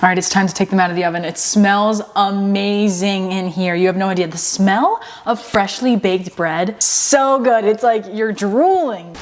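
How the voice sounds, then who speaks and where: A woman with a mid-pitched voice chats to her viewers from her home kitchen. She gushes over her baking with enthusiasm, often repeating herself for emphasis. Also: moderate pace, a little hiss or hum. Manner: enthusiastic, gushing, repeats phrases. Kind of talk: casual chat to camera.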